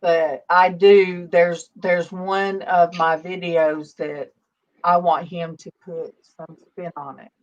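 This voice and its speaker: In her fifties, a woman hosts a casual faith livestream, chatty and greeting viewers by name. She speaks slowly in a lowish, level voice, and the stream audio sounds dull and lo-fi.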